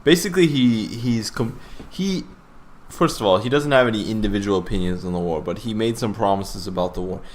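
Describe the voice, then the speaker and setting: A man's voice: lowish voice, fairly quick. A man co-hosting a casual podcast, blunt and joking, swearing casually. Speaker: podcast co-host.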